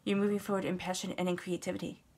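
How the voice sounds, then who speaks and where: A woman's voice: fairly low pitch, little pitch movement, racing, a little mellow. A woman giving a casual, earnest tarot reading, talking straight to the listener and repeating words for emphasis. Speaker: tarot reader.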